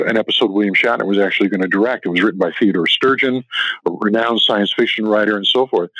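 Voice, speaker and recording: A man's voice: fairly low pitch, fairly bright tone, no room sound. Male author guest, anecdotal storyteller, dry dull lo-fi sound. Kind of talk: interview answers.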